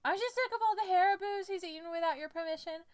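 A woman voicing an excitable, dramatic teenage girl in a fan-fiction reading, with over-the-top outrage. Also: very high-pitched, rapid-fire, voice pushed up. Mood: pleading.

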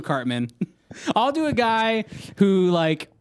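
A man's voice: a little high, very animated, slow pace, a little mellow, smooth, dry recording. A man hosting a casual podcast chat, rambling with frequent laughs and restarts. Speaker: podcast host.

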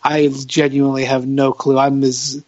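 A tired man with a medium-pitched, darkish voice speaks at normal speed in a completely flat delivery. Hosting a casual podcast chat, he hesitates and restarts his sentences often, and the dry, echo-free audio sounds slightly muffled.

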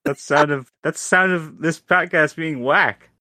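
A man's voice: a little high, unhurried, bright, forceful tone, no echo. A man co-hosting a podcast, speaking earnestly and hesitantly, often restarting sentences. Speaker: podcast co-host. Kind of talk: casual chat.

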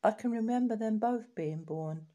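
Woman reader for life-story recollections, relaxed, even delivery. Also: on the high side. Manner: steady, unhurried reading with small restarts. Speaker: reader of collected life stories. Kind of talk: reading memoirs aloud.

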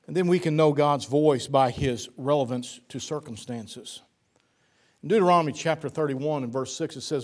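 A man's voice: medium pitch, moderate pace. A man preaching a sermon, telling a folksy story and then building to fervent emphasis.

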